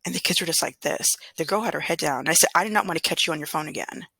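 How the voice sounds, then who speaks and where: A woman from Southern California chats casually about her work as a substitute teacher. Her voice is bright and slightly husky, and she rambles with plenty of fillers. The sound is dry and close. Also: low-pitched, very fast, no echo. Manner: chatty, rambling, with fillers and throat clearing. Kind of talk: casual storytelling vlog.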